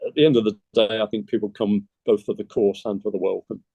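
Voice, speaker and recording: A man with a low, mellow voice talks through anecdotes in a relaxed interview manner. He is a golf club secretary, and the recording sounds dull and lo-fi. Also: fast, breathy edge, no room sound. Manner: easygoing anecdotal speaker. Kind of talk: casual interview storytelling.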